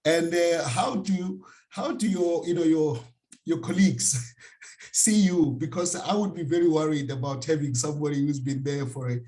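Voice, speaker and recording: A man's voice: a little high, moderate pace, warm tone. A man hosting an interview, asking questions in a hesitant way with many fillers and repeated starts. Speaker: interviewer, host.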